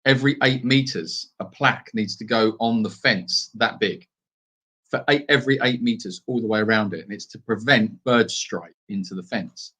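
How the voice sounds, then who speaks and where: A man's voice: fairly low pitch, moderate pace, sharp tone, breathy edge. A British man co-hosting a casual live Q&A from an animal sanctuary, rambling with plenty of fillers and restarts. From Britain. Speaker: sanctuary co-host.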